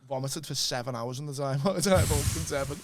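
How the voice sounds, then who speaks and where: A man's voice: medium pitch, quick pace, noisy background. A man, telling rambling stories on a podcast and laughing often. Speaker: podcast co-host. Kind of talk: casual chat.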